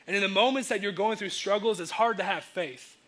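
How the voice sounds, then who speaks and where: A young man preaching a sermon in a casual, energetic way, acting out the quotes he tells. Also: high voice, fairly quick. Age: young adult. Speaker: youth preacher.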